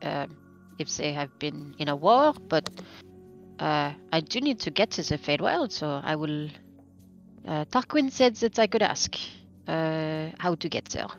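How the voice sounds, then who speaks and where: A woman's voice: low voice, lively intonation, a little slow, highs cut off, faint music behind. A woman playing a tabletop game, talking casually and hesitantly with many fillers. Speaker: player.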